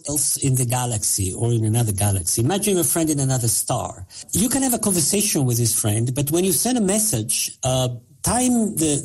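Husky-voiced man explaining with many pauses. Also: fairly high pitch, mellow. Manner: halting, many fillers, explanatory. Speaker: physicist guest. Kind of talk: interview answers.

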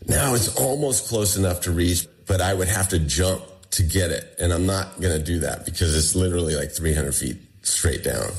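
A guest recounts his survival story in conversation, his low voice carrying vocal fry as he talks at a normal speed with few pauses. He retells it with energy, voicing the dialogue of others involved.

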